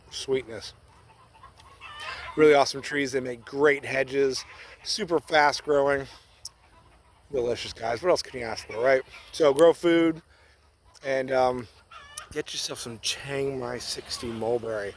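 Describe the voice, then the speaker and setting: An easygoing man with a mid-pitched voice chats through a casual garden vlog, strolling among the fruit trees on his property. He's relaxed and talkative, often munching berries as he speaks. Clucking hens and a crowing rooster come through clearly in the outdoor recording behind him.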